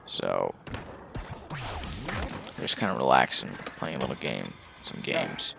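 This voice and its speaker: A man's voice: very deep voice, very animated, unhurried, vocal fry, music in the background. A young man telling a casual story about his own life, rambling along with fillers and swearing.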